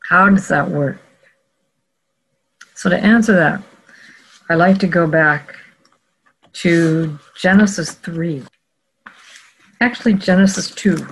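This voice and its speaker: Measured, self-correcting Bible teacher. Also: mid-range voice, fairly bright tone, slight background noise, rough recording. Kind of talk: scripture teaching talk.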